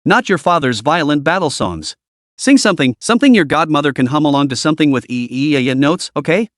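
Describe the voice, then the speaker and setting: A man's voice: fairly high pitch, expressive, brisk, fairly bright tone, no echo, clean studio sound. A man voicing a playful, teasing godmother in an audio story, with a giggly, theatrical way of talking.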